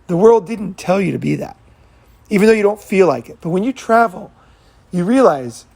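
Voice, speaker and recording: A man with a gravelly, husky voice that sits a little high for a man. He rambles through an unscripted monologue, swearing freely and circling back to repeat his points. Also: a little mellow. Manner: profane, rambling storyteller who repeats himself. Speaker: channel host.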